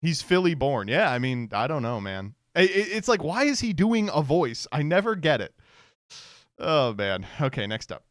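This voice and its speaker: A man's voice: a little high, dry recording, clean studio sound. A man streamer giving casual reaction commentary, sardonic and profane, laughing often.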